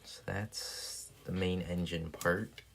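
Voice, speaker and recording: A man casually thinking aloud while building paper planes on a live stream, soft-spoken and rambling. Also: deep voice, fairly even intonation, slow, creaky, a little hiss or hum.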